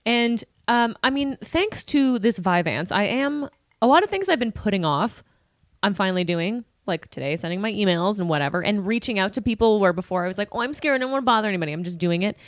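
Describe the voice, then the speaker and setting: A woman's voice: medium pitch, expressive, no room sound. Chatty woman podcast co-host. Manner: chatty, eager, agrees in quick asides. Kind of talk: casual chat.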